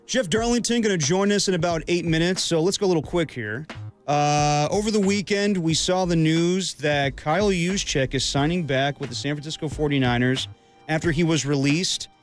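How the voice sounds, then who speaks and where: A man hosting a sports talk radio show, talking briskly through the news. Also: fairly high pitch, faint music behind.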